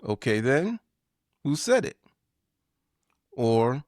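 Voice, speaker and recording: A man hosting a business lesson, delivering a scripted talk with measured, emphatic shifts in inflection. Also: mid-range voice, sing-song, dry recording, clean studio sound. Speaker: podcast host.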